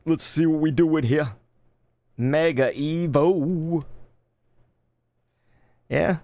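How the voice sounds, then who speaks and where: A man in his thirties chatting casually while opening trading cards live, laid-back and quick to get excited. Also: a little high, no room sound. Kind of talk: live card-opening stream chat.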